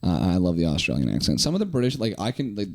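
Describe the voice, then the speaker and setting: Young man, quick loose banter, slightly low voice, swears casually, podcast co-host. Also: big pitch swings, gravelly, a little mellow. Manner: fast, loose and profane, with frequent fillers. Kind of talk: casual comedic chat.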